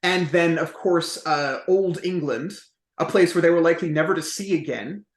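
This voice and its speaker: Guy historian on a podcast, kinda high voice, chatty and animated, roomy echo. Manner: lively academic storyteller, quick asides. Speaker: historian guest. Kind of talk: podcast interview.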